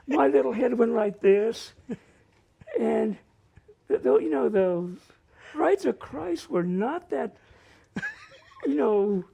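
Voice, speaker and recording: A man's voice: extremely high pitch, gravelly, warm tone, slightly rough. An older man telling self-mocking childhood stories at a library open mic, laughing as he goes. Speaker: storyteller. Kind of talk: open-mic personal storytelling. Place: library event room.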